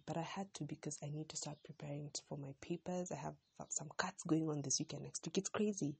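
Low husky young woman, rambling podcaster. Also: a little mellow. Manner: rambling, self-interrupting, heartfelt. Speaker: podcast host. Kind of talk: casual personal podcast monologue.

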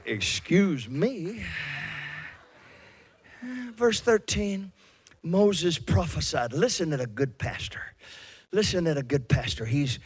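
Man, pastor, preaching a fervent sermon, high voice, slow unhurried delivery. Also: breathy edge. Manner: fervent preaching with repeated words and swings in loudness.

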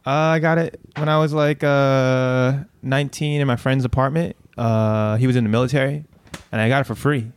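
A man's voice: medium pitch, fairly even intonation, moderate pace, clean tone, no echo. A young man, a guest on a podcast, telling a story in a laid-back, easygoing way. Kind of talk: casual podcast conversation.

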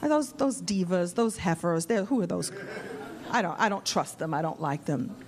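A woman's voice: fairly low pitch, expressive, normal speed. A woman from New York doing stand-up comedy, teasing the audience on a comedy club stage with a handheld mic. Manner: teasing, playful, talks to the audience. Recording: live club crowd laughter.

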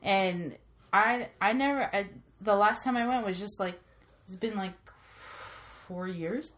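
A woman in casual chat, telling lively stories, swearing freely and acting out the people she quotes. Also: medium pitch, measured pace.

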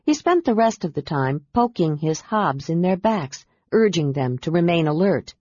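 A reader narrating a fantasy novel in a steady, even storytelling voice. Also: medium pitch, normal speed, dry recording. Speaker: audiobook narrator. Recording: dull, dry audiobook sound.

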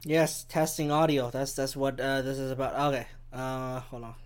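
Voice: mid-range voice, little pitch movement, normal speed, clear, resonant tone. A podcast host, ranting alone in a rambling, profane, self-mocking way, with the microphone held a bit too far from the face. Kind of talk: solo podcast rant. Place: home in Vancouver. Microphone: handheld microphone held too far from the face.

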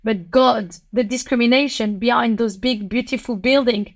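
A woman with a French accent, a lawyer speaking as a podcast guest, outspoken and emphatic. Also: normal speed. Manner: outspoken and emphatic, with sharp pitch jumps. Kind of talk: passionate podcast conversation.

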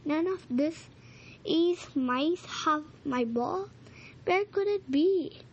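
A woman reading a children's story aloud, narrating slowly and clearly in a dog's first-person voice. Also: high-pitched, animated, dull audio. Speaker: storybook reader.

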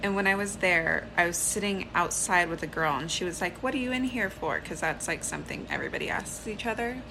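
A woman's voice: lowish voice, a little fast. A woman casually retelling a personal story in a chatty, exasperated way, from a played video clip. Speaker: storyteller in a social media video. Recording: played clip with clear background noise.

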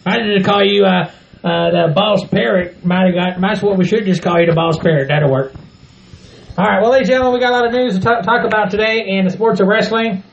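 A man's voice: high-pitched, quick pace, vocal fry, echoey room, lo-fi sound. A man co-hosting a wrestling podcast, ranting in a crude, rambling, folksy way. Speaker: podcast co-host. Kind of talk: casual wrestling chat.

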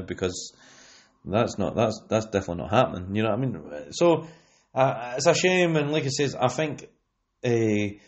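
A man's voice: mid-range voice, big pitch swings, a little fast. A young Scottish man hosting a casual podcast, rambling and leaning on fillers as he talks. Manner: rambling, with many "you know what I mean" fillers. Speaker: podcast host. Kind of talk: casual chat. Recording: lo-fi podcast recording.

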